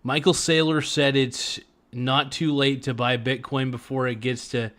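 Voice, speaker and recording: A man's voice: mid-range voice, flat delivery, unhurried, fairly bright tone. A man as a podcast guest in casual chat, crude, joking and rambling.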